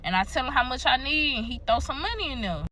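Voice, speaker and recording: Young woman, AAVE, casual storytime vlogger, blunt and profane, fairly high bright voice. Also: animated, fast talker, a little hiss or hum. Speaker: storytime creator.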